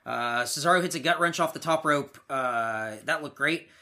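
A man's voice: a little high, normal speed, pushed and bright. A man co-hosting a podcast, recapping wrestling matches in casual, blunt, profane chat. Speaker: podcast co-host.

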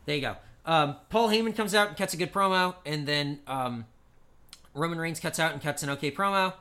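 A man's voice: a little high, fairly quick, bright, forceful tone. A man co-hosting a casual podcast, walking through a wrestling show play by play in a rambling way with lots of fillers and swearing. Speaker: podcast co-host. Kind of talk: casual wrestling recap chat.

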